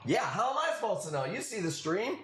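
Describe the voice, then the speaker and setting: A man's voice: high voice, sing-song, brisk, a bit bright, slight background noise. A man hosting a live coral sale stream, chatting casually with viewers in a joking, profane way. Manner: joking, profane, talks to chat.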